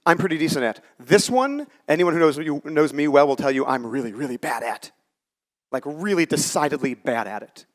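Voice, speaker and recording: A man in his forties giving a conversational, story-driven talk on a conference stage and acting out the lines he quotes. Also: a little high. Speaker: conference speaker. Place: conference stage before a live audience.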